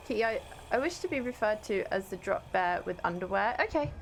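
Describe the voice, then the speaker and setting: A woman's voice: medium pitch, expressive, brisk, vocal fry, slight background noise. A woman live-streaming a game, chatting casually with her viewers and exclaiming at the action. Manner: chatty, reads chat aloud, exclaims at the game. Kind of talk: casual live-stream chat while gaming.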